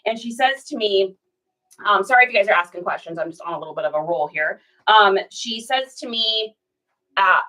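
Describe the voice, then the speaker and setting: A woman's voice: mid-range voice, lively intonation, fairly quick, sharp tone, far from the mic, rough recording. A woman in her forties from Washington State, chatting casually in a rambling way while packing orders, and breaking off now and then to talk to her pet. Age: 40s. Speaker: online reseller host.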